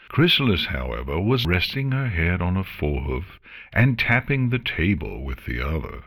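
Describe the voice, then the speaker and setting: Male narrator, very low voice, expressive melody, measured storytelling. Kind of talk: fan fiction reading.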